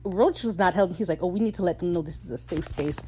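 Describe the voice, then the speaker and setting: A woman hosting a casual recap, excitable and gushing, swearing freely and switching into quick quoted voices. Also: fairly low pitch, background noise. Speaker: podcast host recapping a TV episode.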